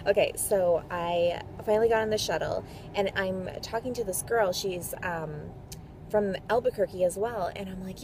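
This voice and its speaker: A woman vlogger talks casually to camera in a travel vlog, chatty and leaning heavily on fillers like "like" and "um." Her voice is medium-pitched and a little mellow, at normal speed. It's a handheld recording with noisy background ambience.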